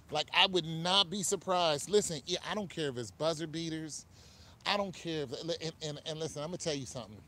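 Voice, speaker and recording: A man hosting a live-stream show, talking casually and with animation, full of asides and quick laughs. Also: a little high, pushed and bright. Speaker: online show host.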